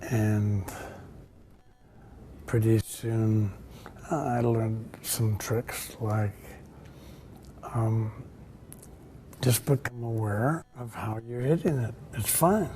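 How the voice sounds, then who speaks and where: A man's voice: lowish voice, steady tone, extremely slow, long pauses, dark tone, a little hiss or hum. An older man, a tennis coach and interview guest, telling stories in conversation and acting out the people in them. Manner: reflective, acts out the people in his anecdotes. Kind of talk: storytelling in a conversation.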